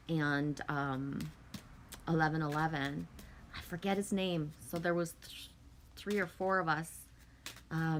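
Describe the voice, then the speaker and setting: A woman's voice: fairly low pitch, fairly bright tone, a little hiss or hum. A woman chatting casually with viewers on her live stream, swearing often and sometimes calling herself "me".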